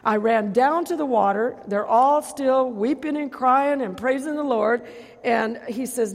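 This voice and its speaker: A gravelly middle-aged woman preaching a testimony, animated and full of acted-out voices. Her voice rings with a long reverb, as if from a big hall. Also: on the high side, a little slow. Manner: animated storytelling, acts out voices and gasps. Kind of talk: testimony sermon.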